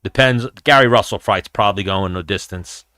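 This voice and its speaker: Bright-voiced man telling fight stories. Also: fairly low pitch, a little fast, no echo, clean studio sound. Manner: animated, profane storytelling. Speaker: live-stream host and former fighter. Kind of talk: casual live-stream fight chat.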